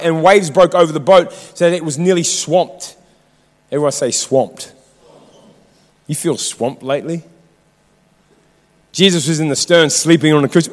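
A man's voice: on the high side, long reverb tail. A man preaching a sermon in a church, fired up and exhortative, calling out to the congregation. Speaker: pastor.

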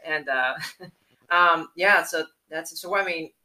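A young man hosting a casual podcast interview, chatty and rambling, quick to laugh. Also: on the high side, pushed and bright, slight background noise, rough recording. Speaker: podcast host at a local newspaper.

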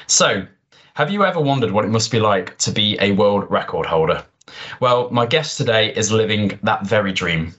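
A man hosts a podcast with a fairly low voice. He opens from a prepared script and then asks friendly, chatty questions. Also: expressive, moderate pace, a bit bright, dull audio. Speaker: podcast host. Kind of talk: podcast hosting.

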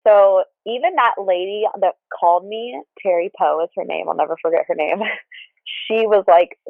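A woman's voice: medium pitch, normal speed, vocal fry, no echo. A woman guest telling her story candidly, rambling with frequent restarts. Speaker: podcast guest. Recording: tinny phone line, dry.

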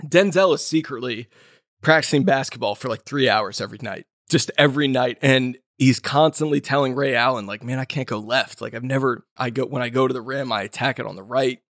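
A man co-hosting a film podcast, retelling a scene with lively energy. He slips into the voices of the characters as he goes. His pitch is of middle height, and the recording is dry and close. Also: fairly quick, dry recording. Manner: animated storyteller who acts out quoted lines. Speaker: podcast co-host. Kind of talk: casual film discussion.

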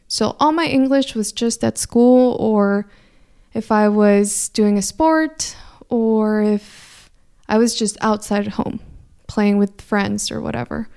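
A woman's voice: mid-range voice, slow, vocal fry, a little mellow, smooth. A young woman from California, a native Spanish speaker with a slight Mexican Spanish accent, telling a reflective personal story in an earnest, thoughtful way. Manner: earnest, thoughtful, frequent restarts.

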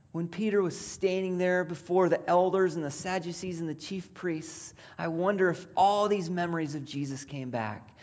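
A pastor preaching a sermon in a reflective storytelling way, asking questions aloud and dropping to a soft near-whisper for quoted words. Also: mid-range voice.

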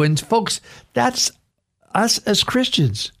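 Animated gravelly-voiced male radio preacher. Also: slow pace. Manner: expressive preaching with dramatic pitch swings. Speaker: pastor. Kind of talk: radio devotional sermon.

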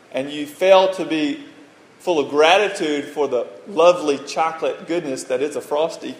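A man preaching a sermon as pastor, telling stories in a conversational way and often checking in with a quick "right?". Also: fairly high pitch. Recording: echoey hall with long reverb.

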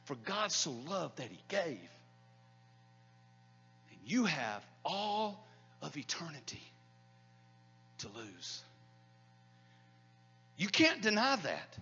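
A middle-aged male pastor preaching a sermon in a church hall, swinging between loud declarations and hushed near-whispers. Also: sits high, breathy edge, muffled recording.

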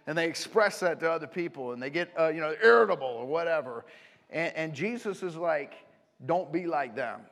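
Animated pastor preaching in a reverberant hall. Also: male voice, fairly high pitch. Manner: animated, storytelling, frequent "right?" asides. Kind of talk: sermon. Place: church auditorium.

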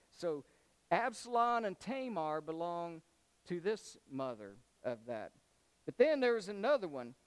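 Man retelling scripture for a Bible class, folksy and animated, slightly high voice. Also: low-quality recording. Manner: animated, folksy storytelling with slang. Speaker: Bible teacher. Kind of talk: Bible study storytelling.

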